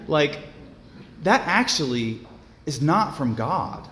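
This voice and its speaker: A man's voice: medium pitch, animated, moderate pace, a little hiss or hum. Conversational young man preaching in an echoey hall. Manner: conversational, filler-heavy with frequent restarts. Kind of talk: sermon.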